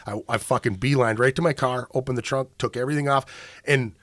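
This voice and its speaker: A man's voice: mid-range voice, steady tone, fast talker, a bit bright, no echo, clean studio sound. A man hosting a podcast, telling a long profane story in casual chat. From Minnesota. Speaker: podcast host.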